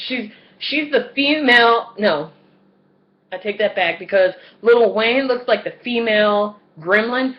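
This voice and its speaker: Twenty-something woman vlogging a story, swears a lot, does everyone's voices, kinda muffled lo-fi sound. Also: mid-range voice. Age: 20s. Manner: animated, profane, acts out voices and screams. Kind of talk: casual storytelling vlog.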